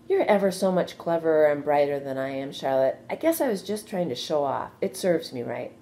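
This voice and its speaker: A woman voicing an eager, boastful young male pig in a storybook read-aloud, with a raised and excitable voice. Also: low voice, brisk, slight background noise. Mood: sheepish.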